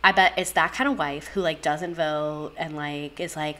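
A young woman hosts a casual livestream, talking straight to her viewers. Her voice sits a little low, and she reacts in bursts of gasps and profanity. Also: brisk, few pauses. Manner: animated, gasping, profane, talks to chat directly. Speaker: livestream host.

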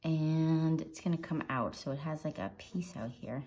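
In this laid-back drawing tutorial, a woman with a deep, slightly mellow voice talks at a moderate pace, cheering the viewer on and making playful sound effects while sketching. The audio is lo-fi.

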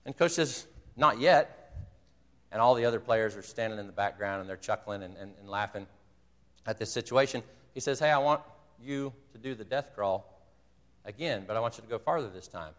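A man's voice: on the low side, fairly quick. Man preaching in a reverberant sanctuary. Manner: earnest storytelling, retells a movie scene with quoted dialogue. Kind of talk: sermon. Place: church sanctuary.

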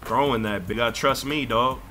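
A young man on headset voice chat during a basketball video game, bossy and argumentative, getting loud and defensive. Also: medium pitch, a little fast, faint music behind. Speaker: gamer streaming a pickup basketball game. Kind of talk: heated gaming voice chat.

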